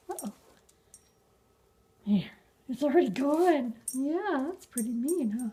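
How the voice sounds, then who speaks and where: A woman's voice: high-pitched, animated, slow, pauses often, dark tone. A woman talking to her pet dog at home, coaxing and praising it in baby-talk that often drops to a whisper. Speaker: dog owner.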